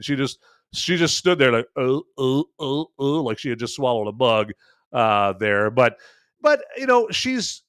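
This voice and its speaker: A man's voice: mid-range voice, fairly bright tone, no room sound. A man hosting a podcast, giving a casual spoken film review in a chatty way, full of fillers and emphatic asides.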